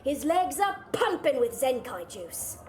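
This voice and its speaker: A cheeky, teasing pub regular, very high voice. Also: female voice, big pitch swings, unhurried, darkish tone. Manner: teasing, playful and mocking. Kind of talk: audio drama acting.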